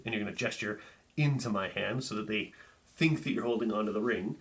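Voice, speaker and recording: A man's voice: on the low side, brisk, fairly bright tone. A man casually teaching a magic trick, chatty and loose, demonstrating as he talks. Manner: casual, chatty, filler-heavy, demonstrating with hands. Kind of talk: casual tutorial explanation.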